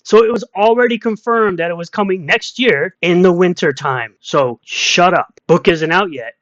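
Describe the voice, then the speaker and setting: A man's voice: sits high, moderate pace, a bit bright, no room sound, muffled recording. A man giving ranting online commentary in a combative, mocking way, repeating insults as he reads out comments.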